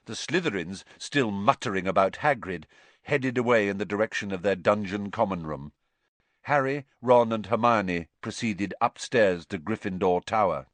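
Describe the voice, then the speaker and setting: Male audiobook narrator, low and expressive, dry close mic. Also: moderate pace, dry recording. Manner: expressive storytelling. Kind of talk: scripted narration.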